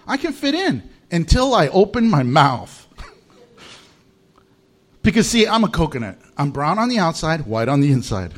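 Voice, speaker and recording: An American pastor gives a humorous sermon in a bright, fairly high, sing-song voice that swoops up and down. He speaks at normal speed with frequent pauses, telling funny stories with lots of animation and often laughing at his own jokes before turning to scripture.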